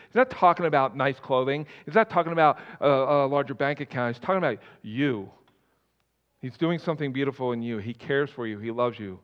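A man preaching a sermon as pastor, swinging between loud emphatic lines and soft quiet ones. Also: medium pitch, moderate pace, clean tone. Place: church sanctuary. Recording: dull sound, long hall reverb.

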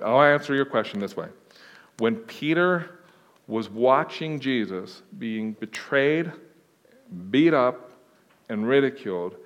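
Low-voiced pastor in a reverberant church. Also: male voice. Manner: informal and plain-spoken, with joking asides. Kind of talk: conversational sermon answering questions. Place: church sanctuary. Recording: long reverb of a large hall.

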